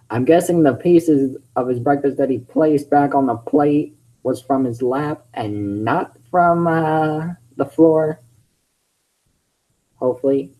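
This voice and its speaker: A man's voice: mid-range voice, mellow, low-quality recording. A man hosting his channel, reading fan fiction aloud with chatty, self-interrupting commentary.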